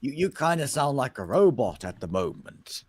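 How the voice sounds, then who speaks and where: A man's voice: mid-range voice, big pitch swings, normal speed, breathy edge, dry recording. A man co-hosting a casual livestream book reading, chatting over an online voice call and fretting about connection trouble. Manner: apologetic, fussing over tech trouble. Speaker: co-host reading a book on stream.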